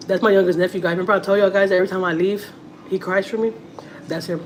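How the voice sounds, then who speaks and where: A woman's voice: mid-range voice, steady tone, rapid-fire, a little hiss or hum. A middle-aged woman with a Texas accent chatting casually to viewers on a family livestream, repeating words and using many fillers.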